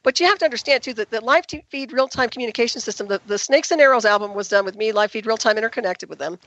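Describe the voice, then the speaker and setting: A woman guest telling her story in an interview, talking rapidly and emphatically. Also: a little high, fairly bright tone, no echo, lo-fi sound. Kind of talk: radio interview call.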